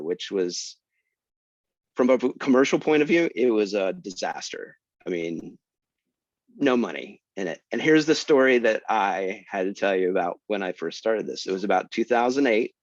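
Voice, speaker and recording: A man telling a story as a guest author, animated and self-mocking, with sudden jumps in pitch for emphasis, heard over a video call. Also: no room sound. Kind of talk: casual storytelling talk. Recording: dry, muffled lo-fi.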